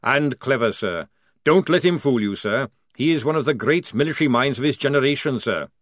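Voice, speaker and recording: Male reader voicing a cunning veteran sergeant, gruff and conspiratorial, dry audiobook sound. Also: mid-range voice, expressive, a little fast, fairly bright tone, dry recording, voice pushed up. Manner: gruff, conspiratorial, says sir a lot. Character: wily, knowing older male army sergeant.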